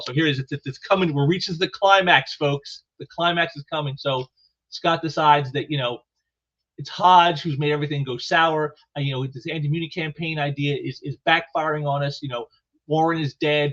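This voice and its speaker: A man's voice: on the high side, fairly even intonation, fairly quick, a bit bright. A man reviewing comic books in casual solo commentary, rambling and restarting with lots of "you know" fillers. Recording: muffled lo-fi recording.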